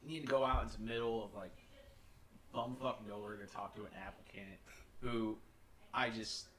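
A man's voice: fairly low pitch, fairly even intonation, moderate pace, a bit bright. A young man co-hosting a casual podcast, telling a long story with many restarts and frequent laughter. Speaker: podcast co-host. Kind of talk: casual chat.

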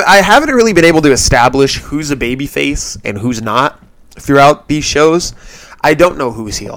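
A man hosting a podcast, talking through a wrestling show in a loose, rambling way. He is frank and laughs easily. His voice sits at an ordinary middle pitch and is recorded close and dry, with no room sound. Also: fairly bright tone, no echo. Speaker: podcast host. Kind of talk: casual wrestling review commentary.

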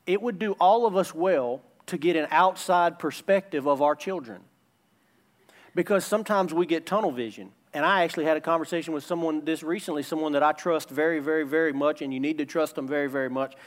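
A man's voice: on the high side, fairly quick. A man preaching a sermon as a pastor, emphatic and returning again and again to his key phrases.

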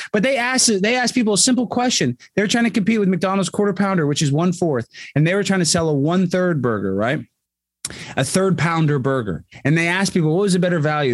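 Male podcast guest, rambling and emphatic, slightly high voice, dry close mic. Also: no echo. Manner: rambling, emphatic, swings pitch widely when worked up. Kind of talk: casual podcast chat.

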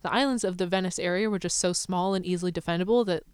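A woman's voice: lowish voice, fast talker, clear, resonant tone, dry recording, clean studio sound. A woman co-hosting a podcast in casual chat, playful and sarcastic, often laughing. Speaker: podcast co-host.

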